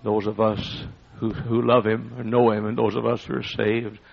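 A man's voice: lowish voice, flat delivery, normal speed, vocal fry, muffled recording. A man preaching a Baptist sermon in a church, telling a story with dramatic passion and then calling listeners forward. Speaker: Baptist pastor. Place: church sanctuary.

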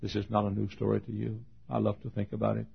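An older man preaching a folksy, storytelling sermon, swinging between loud passages and hushed asides. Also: fairly low pitch, monotone, fast talker, creaky, husky. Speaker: pastor. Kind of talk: sermon with acted quotes. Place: auditorium. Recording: dull lo-fi sermon recording.

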